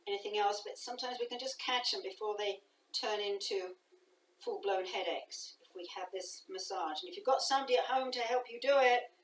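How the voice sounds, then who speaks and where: A woman teaching a guided yoga class, calm and soft-spoken, often dropping to a near whisper. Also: mid-range voice, slight background noise. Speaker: yoga instructor. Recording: echoey room, voice from a distance.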